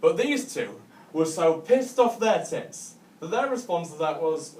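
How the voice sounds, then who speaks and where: A man's voice: fairly high pitch, sing-song, unhurried, darkish tone, echoey room, recorded from a distance. A man from Cumbria telling a rambling stand-up story to a live audience, laughing at his own jokes and tagging lines with "right?". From northwest England (Cumbria). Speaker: stand-up comedian. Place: hotel function room, live audience.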